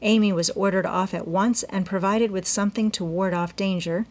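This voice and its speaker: Woman narrator, audiobook reading, steady, clear, medium pitch. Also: moderate pace. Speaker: audiobook reader. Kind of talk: storybook narration.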